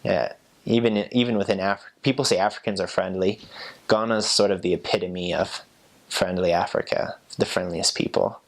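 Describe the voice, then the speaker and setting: A young American man, a former missionary, telling stories in a relaxed, rambling way. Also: low voice, normal speed. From United States. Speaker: returned missionary. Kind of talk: casual storytelling.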